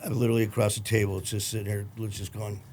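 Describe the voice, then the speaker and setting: A man's voice: fairly low pitch, flat delivery, fast talker, a little mellow, a little hiss or hum. A man hosting a podcast, interviewing a guest and telling his own story in a reflective way. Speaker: podcast host. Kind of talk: conversational interview.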